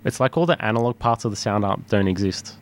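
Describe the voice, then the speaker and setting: Low-voiced man chatting casually. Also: animated, quick pace. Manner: rambling, restarts, laughs often. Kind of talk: casual chat.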